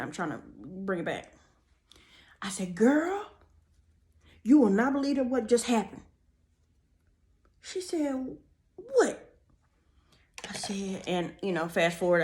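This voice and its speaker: A young woman telling a storytime tale to her viewers in a sassy, animated way, chatting through asides while she does her makeup. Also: on the low side. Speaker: storytime vlogger. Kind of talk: casual storytime chat.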